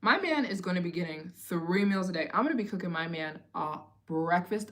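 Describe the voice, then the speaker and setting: A woman in her late twenties, chatting casually and telling stories in an expressive way as the host of a live Q&A stream. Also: fairly low pitch, fairly quick, hardly any pauses. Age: 20s. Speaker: travel vlogger hosting a live Q&A.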